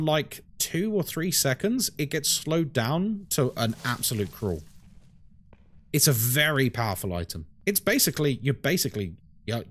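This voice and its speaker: A British man streaming a horror game live, chatting casually and explaining things to his chat with lots of "like" and "um". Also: a little high. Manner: chatty and explanatory, many fillers like "like" and "um". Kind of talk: live gameplay commentary, answering chat.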